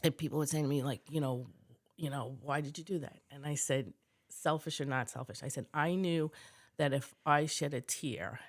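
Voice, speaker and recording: A woman's voice: low-pitched, normal speed. A woman being interviewed, reflectively recounting memories and acting out the remembered dialogue, with many fillers. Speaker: interview guest, widow of a fire chief. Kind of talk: personal storytelling interview.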